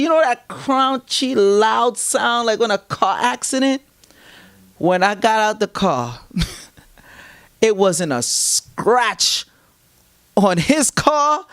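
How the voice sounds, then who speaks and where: A man being interviewed who tells his stories animatedly, acts out the voices of people he quotes and gives spiritual advice. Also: high voice. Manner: lively, acts out quoted voices, laughs mid-story. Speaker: interview guest.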